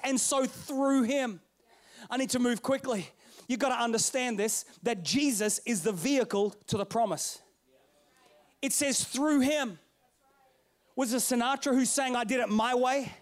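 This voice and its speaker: A man over thirty-five preaching a sermon, telling stories and swinging between loud bursts and hushed lines. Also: very high-pitched, measured pace, a faint crowd.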